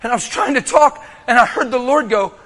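High, bright-voiced preacher man. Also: a little fast. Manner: animated storytelling, bursts into shouting and laughter. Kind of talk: sermon.

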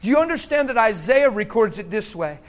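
A man from Pennsylvania preaches a sermon in a high voice. He swings between shouting and hushed near-whispers. He laughs often along the way. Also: very animated, brisk.

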